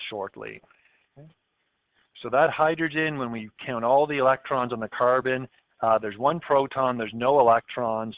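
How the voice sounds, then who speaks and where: A man's voice: medium pitch, dry recording. A male chemistry teacher giving a recorded lesson, explaining step by step and checking in often with "okay?". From Canada. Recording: dry, tinny phone-like audio.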